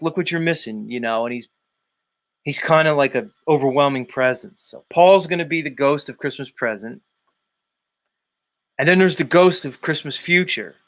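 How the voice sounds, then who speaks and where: Reading comments from viewers, a man hosts a casual livestream in a fairly high, fairly bright voice. There's plenty of rambling, cursing, and filler as he works through his thoughts aloud.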